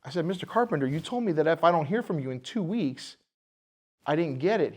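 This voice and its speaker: Man telling a lively business story. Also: on the high side, brisk. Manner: animated storyteller acting out quoted voices. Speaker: bar owner, podcast guest. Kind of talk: casual storytelling interview.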